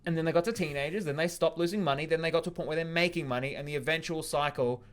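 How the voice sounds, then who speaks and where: Male comedian host, a touch high-pitched, teasing and quippy, casual podcast chat. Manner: teasing, quick quips, filler-heavy explanations.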